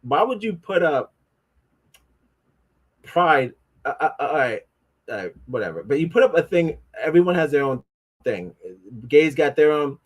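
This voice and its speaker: A man's voice: a little high, expressive, normal speed, pauses often. A man streaming live, rambling and stumbling over words as he reads aloud, with mocking, sarcastic remarks. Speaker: livestreamer. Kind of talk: casual livestream commentary.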